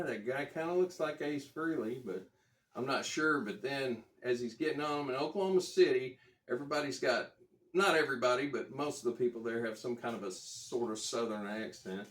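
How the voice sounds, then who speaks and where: A man's voice: mid-range voice, normal speed, fairly bright tone. A man who buys and trades guitars, telling a long anecdote in a casual, rambling way, correcting himself as he goes. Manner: rambling, self-correcting, chuckles as he tells it. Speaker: guitar dealer vlogger. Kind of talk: casual storytelling to camera. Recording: roomy, distant from the mic.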